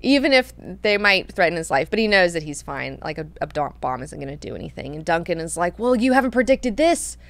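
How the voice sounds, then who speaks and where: A woman hosting an online book club, recapping chapters in an animated, enthusiastic way and swearing freely. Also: deep voice, a little fast, creaky, hardly any pauses, no room sound. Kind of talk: casual book discussion.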